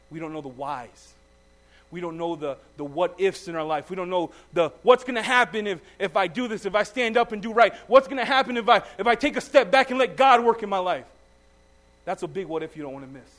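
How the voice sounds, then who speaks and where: A man with a high voice preaches a sermon, reading scripture haltingly and then pressing his listeners with direct questions. His delivery swings between loud and very soft passages.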